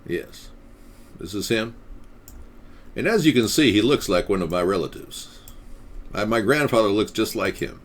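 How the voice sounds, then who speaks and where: Live-stream host, young man, low voice, meandering and filler-heavy. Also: animated, normal speed, long pauses, a little hiss or hum. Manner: loose, meandering, with many fillers. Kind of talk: rambling live-stream chat, reading articles aloud.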